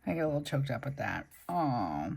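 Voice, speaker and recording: A woman's voice: very deep voice, big pitch swings, a little fast, creaky, a little mellow, husky. A young woman hosting a plan-with-me video, chatting and gushing over stickers as she decorates her planner. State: recovering from a migraine. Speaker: planner channel host. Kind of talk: casual plan-with-me chat.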